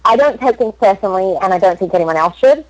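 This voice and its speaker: An Australian woman, a voice actress and comedian, chatting in an animated, storytelling way in an interview. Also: mid-range voice, fast. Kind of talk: casual interview chat. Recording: dull lo-fi recording.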